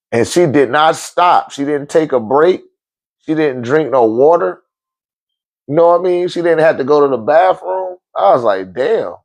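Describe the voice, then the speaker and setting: A man in his forties or older telling a story casually, swearing often, laughing, and acting out quotes in sudden high outbursts. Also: dry recording. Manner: profane, animated, laughs often. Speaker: podcast host telling a story.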